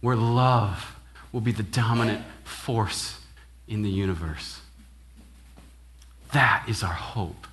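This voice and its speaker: A young adult man preaching a conversational sermon as minister, casual and animated, checking in with "right?" and acting out quoted lines. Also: lowish voice, takes it slowly, long pauses.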